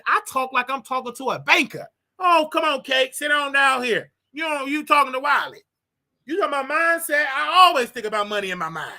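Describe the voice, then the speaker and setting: A man with a bright, forceful voice rants to viewers on his own livestream, animated, preachy and joking. He swings wildly in pitch and volume, jumping from quiet asides to loud outbursts.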